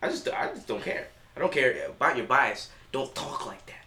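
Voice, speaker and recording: A man's voice: medium pitch, sing-song, moderate pace, bright, forceful tone. A man co-hosting a podcast in casual chat, blunt and profane, hammering his points with emphasis. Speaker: podcast co-host. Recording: roomy with faint noise.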